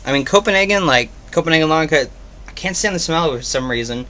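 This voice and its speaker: A man's voice: fairly high pitch, animated, fast talker, sharp tone. Rambling man, casual reviewer. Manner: rambling, filler-heavy, offhand. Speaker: product reviewer.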